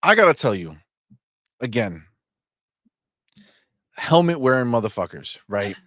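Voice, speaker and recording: A man's voice: medium pitch, sing-song, a little slow, a bit bright, no echo, clean studio sound. A man co-hosting a gaming podcast in casual, heated banter, swearing freely and talking animatedly.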